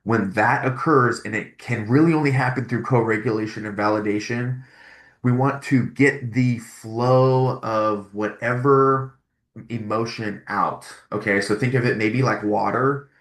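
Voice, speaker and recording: A man's voice: mid-range voice, steady tone, measured pace, roomy sound. A man hosting a solo parenting podcast, talking earnestly and casually, often restarting and repeating his phrases.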